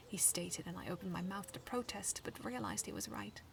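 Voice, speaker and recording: Woman author reading her fan story aloud; soft, hushed, low, with a gravelly fry. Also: sing-song, a little fast, slight background noise. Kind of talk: first-person story reading.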